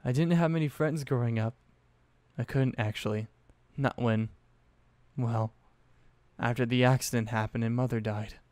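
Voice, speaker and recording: A prim, proud young woman from a fan story, as a man narrator voices her. He keeps close to his own voice, speaking in a measured and formal way. The sound is dry and close. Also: medium pitch, fairly even intonation, darkish tone, dry recording, lightly acted. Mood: contrite.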